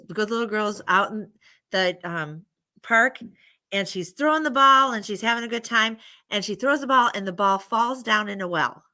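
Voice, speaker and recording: A woman's voice: mid-range voice, moderate pace, sharp tone. A woman casually retelling a bedtime story on a live stream, rambling with laughing asides. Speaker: livestream host.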